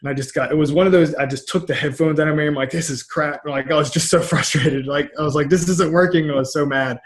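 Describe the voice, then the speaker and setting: A man's voice: a little high, steady tone, fast. A middle-aged man, a mindset coach, talking casually in an interview over a video call, rambling and repeating words with frank energy. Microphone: webcam about two feet away.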